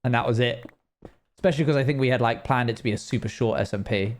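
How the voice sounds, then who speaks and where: Chatty young man streaming a game. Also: medium pitch. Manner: rambling, chatty, quick to laugh. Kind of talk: casual live-stream chat while playing.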